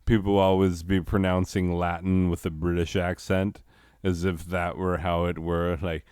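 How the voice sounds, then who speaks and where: A man's voice: low-pitched, level tone, moderate pace, darkish tone, smooth, no echo, clean studio sound. A man hosting a comedy commentary, sarcastic and self-mocking. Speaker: host.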